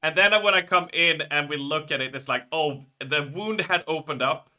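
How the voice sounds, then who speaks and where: A man's voice: fairly high pitch, normal speed, sharp tone, clean tone. A man streaming live, telling a rambling story in casual chat and swearing freely.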